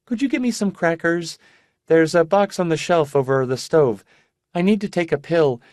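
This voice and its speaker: A woman's voice: on the low side, moderate pace, darkish tone, dry recording, clean studio sound, voice pushed up, natural voice. A man reading an audiobook, voicing a frail, ailing young woman who talks in a trembling, rambling way. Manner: trembling, chatty, drifting off.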